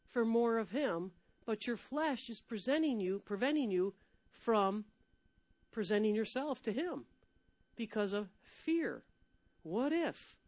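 A woman preacher giving a lively, emphatic sermon, laughing often and swinging between loud and soft. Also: high voice, no echo.

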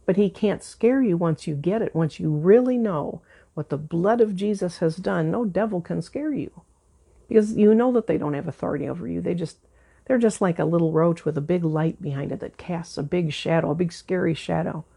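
A woman preaching in a low, gravelly voice with a husky edge. She talks earnestly and conversationally, repeating words for emphasis as a pastor addressing her congregation. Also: moderate pace, warm tone. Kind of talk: conversational sermon.

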